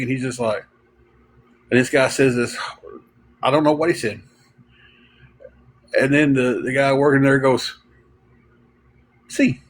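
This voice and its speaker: A man with a drawl hosts a casual livestream, rambling through stories. He leans on fillers and chuckles as he goes. His voice sits at an ordinary middle pitch. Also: slight background noise, low-quality recording. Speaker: livestream host. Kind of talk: casual storytelling to viewers.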